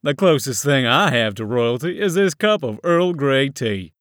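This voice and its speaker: A man voicing a genteel, calculating official who speaks in a measured, formal way. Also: mid-range voice, expressive, no echo, studio quality, pitched above the performer's own voice. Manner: measured, soft-spoken, formal.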